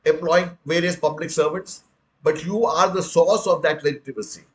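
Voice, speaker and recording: A man's voice: sits high, rough recording. An older man from India with an Indian English accent, giving a public lecture in an earnest, emphatic way and addressing listeners as friends. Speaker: speaker on the right to information, retired commissioner.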